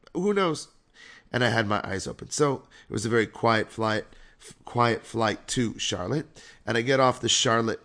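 Conversational rabbi telling a story. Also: male voice, lowish voice, a bit bright. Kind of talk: storytelling sermon.

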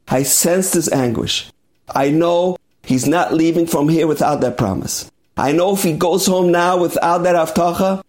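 Man doing an earnest young rabbi, slow, heartfelt delivery. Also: a little high, a little mellow, pitched above the performer's own voice.

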